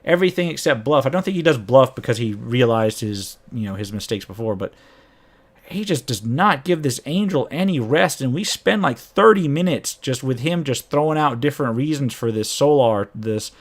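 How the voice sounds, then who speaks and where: A man recounting a tabletop campaign as its game master, in casual storytelling, animated and often jumping into his players' voices. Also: medium pitch, moderate pace. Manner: animated, acts out quoted players in a raised voice.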